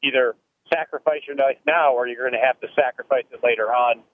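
Casting note: male phone-in guest, explains carefully with restarts, mid-range pitch, tinny phone-line sound. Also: steady tone, fairly quick, no room sound. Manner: explanatory, thoughtful, frequent restarts. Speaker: retirement planning guest. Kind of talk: phone interview.

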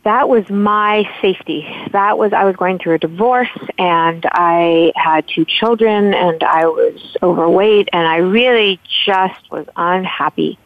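A Southern California woman calls in as a guest over a tinny, dry phone line. Her fairly low voice is unhurried with few pauses as she tells her story in a heartfelt, rambling way, restarting often in this casual interview.

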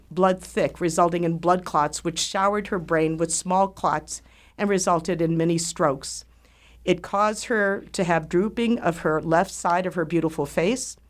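A middle-aged woman hosting a show, speaking in a slow, earnest and heartfelt way. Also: on the low side. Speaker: host. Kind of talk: scripted monologue.

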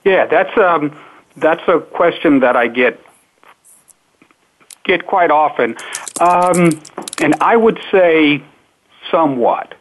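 A man who coaches public speaking, answering interview questions in a measured, unhurried way with frequent pauses. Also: fairly high pitch, lively intonation. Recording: narrow phone-line sound.

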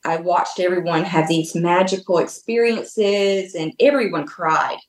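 A woman's voice: lowish voice, fairly even intonation, measured pace. A woman guest telling a personal story in a casual, earnest way, rambling with many restarts and fillers over a remote call. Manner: earnest and open. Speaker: podcast guest. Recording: echoey room.

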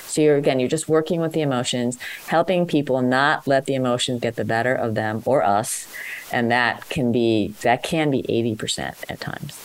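A woman's voice: rumbling low, moderate pace. A woman hosting a call-in show and coaching a caller on workplace communication, talking with energy and acting out sample dialogues.

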